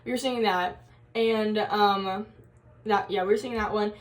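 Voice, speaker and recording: A woman's voice: medium pitch, steady tone, moderate pace. A young woman telling a story in a casual college vlog, chatty and giggly, full of fillers and quoted asides. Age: young adult. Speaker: college vlogger.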